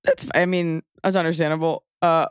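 A woman's voice: sits low, level tone, normal speed, smooth, no room sound, clean studio sound. A woman hosting a podcast, chatty and explaining things for listeners. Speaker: podcast host. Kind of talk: casual interview.

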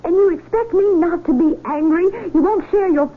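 An actress in a 1970s radio drama playing a spirited young woman engaged to the doctor, chatty and quick to answer back. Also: on the high side, animated, husky. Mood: angry. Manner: chatty and bright, turning hurt and sharp. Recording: tinny narrow broadcast with faint hiss.

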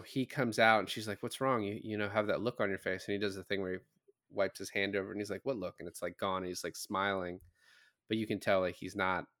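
A man's voice: fairly low pitch, fairly bright tone. A man co-hosting a film podcast, retelling scenes in a loose, casual way with lots of fillers and the odd swear word. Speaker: podcast co-host. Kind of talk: casual chat.

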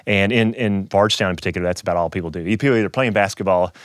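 Middle-aged man, animated storyteller, quick delivery, close dry mic. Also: deep voice, no room sound. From Kentucky, USA. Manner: animated storyteller who acts out quoted voices. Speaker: keynote speaker, guitarist. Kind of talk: casual storytelling interview.

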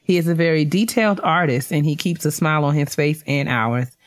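A woman co-hosting a podcast, reading listener shout-outs and cheering them on, laughing easily. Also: sits low, fairly quick. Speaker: podcast co-host. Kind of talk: casual chat, reading listener emails.

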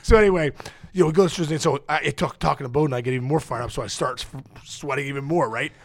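Excitable storytelling man, gravelly voice. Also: fairly high pitch, fast. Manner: excitable, rambling with many fillers and restarts. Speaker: podcast guest, former pro baseball player. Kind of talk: animated storytelling.

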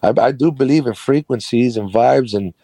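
A man's voice: medium pitch, normal speed, dark tone, no room sound. A man who runs a carpentry business, telling a personal story as an interview guest in a chatty, rambling way with frequent laughs.

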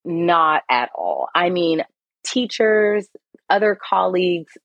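Woman guest, husky and low, blunt casual talker with easy laughs. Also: animated, takes it slowly, no room sound, dull audio. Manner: candid, laughing, swears casually. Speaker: psychic medium guest. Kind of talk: casual podcast interview.

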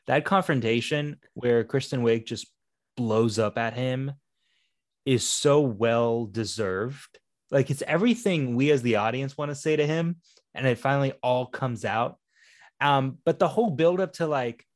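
A man's voice: medium pitch, a little slow, no echo. Male podcast co-host, mid voice, rambling casual recap, dry close mic. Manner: rambling, filler-heavy, laughs along. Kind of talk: casual movie review chat.

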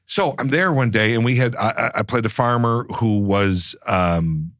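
A man's voice: mid-range voice, a bit bright, dry recording, clean studio sound. A man co-hosting a podcast in casual chat, telling stories in a gushing way and often laughing. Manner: gushing, storytelling, quick to laugh, restarts sentences. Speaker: podcast co-host and former cast member.

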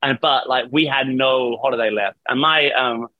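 A man's voice: mid-range voice, moderate pace, dry recording, phone-quality sound. A man telling a long, rambling story in a casual interview over a video call, laughing often and swearing. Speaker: band vocalist, guest.

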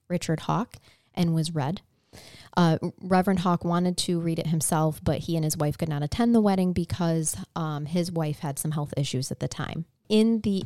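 A woman's voice: sits low, dark tone, no echo, clean studio sound. A woman co-hosting a casual true-crime podcast, telling the story plainly and with feeling, swearing now and then. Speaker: podcast co-host.

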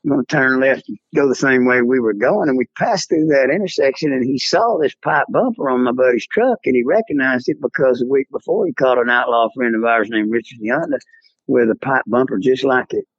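A man's voice: mid-range voice, brisk, slightly rough, no room sound, lo-fi sound. An older man with a Texan accent, telling a rambling story as an interview guest. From South Texas. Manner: drawling, rambling storyteller, acts out voices in quotes.

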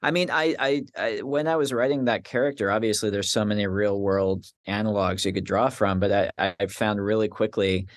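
A man's voice: on the low side, steady tone, moderate pace, few pauses, dry recording, studio quality. A man, a film writer and director, answering interview questions wryly and laughing often. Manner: laughs often, wry and self-deprecating.

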